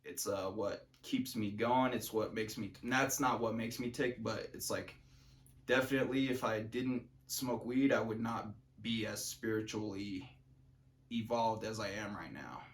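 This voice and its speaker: A man's voice: on the low side, steady tone, measured pace. A man talking casually to camera in a rambling vlog monologue, full of fillers and restarts. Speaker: vlogger.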